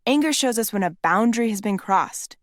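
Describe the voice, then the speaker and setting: A woman narrates her own memoir, candid and conversational, with blunt swearing. Her voice sits at a middle pitch. The recording is dry and close. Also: animated, a little fast, no room sound. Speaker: author reading her own book.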